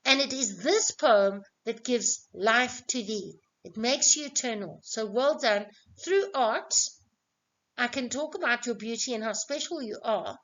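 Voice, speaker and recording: Slow, high-voiced woman teacher. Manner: explains patiently, asks questions and answers them herself. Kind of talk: exam revision lesson. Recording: dull lo-fi recording.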